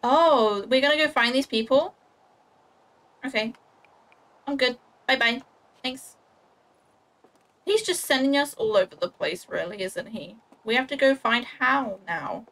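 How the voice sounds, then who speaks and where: Expressive and a bit bright, a young woman's slightly high voice moves a little slowly, with frequent pauses. She streams a game with casual, chatty commentary to herself and her viewers, joking at her own clumsiness.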